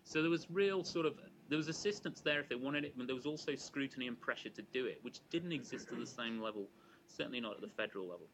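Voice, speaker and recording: A man's voice: mid-range voice, a bit bright, a little hiss or hum, rough recording. Male lecturer explaining findings. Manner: measured and explanatory, with frequent restarts and hedging asides. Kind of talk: academic lecture. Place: lecture room with an audience.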